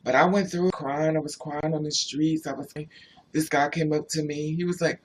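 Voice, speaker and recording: Husky man telling stories on a livestream. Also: a little high, fairly even intonation, moderate pace. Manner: loose, rambling storytelling that answers chat comments. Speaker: livestreamer chatting with viewers. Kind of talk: casual storytelling livestream.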